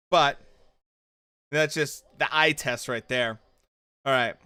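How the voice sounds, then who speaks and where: A man hosts a fight-show watchalong stream, chatting casually with viewers and reacting to the episode as it plays with loose fan talk. His mid-range voice moves slowly and sounds bright, forceful, clear and resonant, with no room sound.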